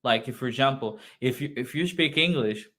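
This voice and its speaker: A man's voice: medium pitch, a little fast, fairly bright tone. A man from Colombia with a Colombian Spanish accent, a native Spanish speaker, teaching an online Spanish lesson in English, repeating phrases patiently and checking in with "okay?".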